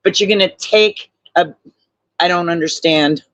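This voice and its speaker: A man's voice: high voice, a little slow, a bit bright, dry recording. An older man speaking as a guest on a live stream, blunt, heartfelt and swearing. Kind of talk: emotional live stream discussion.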